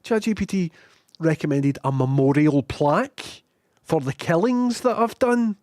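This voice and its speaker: A man's voice: fairly high pitch, animated, a little slow, a little mellow, dry recording, studio quality. A young adult man with a Scottish accent, chatting casually on a livestream and reading out chat, sweary and self-mocking. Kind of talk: casual rambling stream chat.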